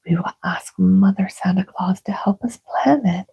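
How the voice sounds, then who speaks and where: A woman's voice: medium pitch, moderate pace, vocal fry, dark tone, husky, low-quality recording. A woman voicing a crowd of cheering little elves and fairies in a whispered role-play. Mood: cheerful. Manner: cheerful, exclaiming.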